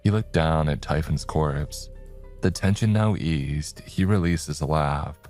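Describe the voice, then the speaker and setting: A man narrating a scripted horror story in a slow, measured way. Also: rumbling low, darkish tone. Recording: faint background music.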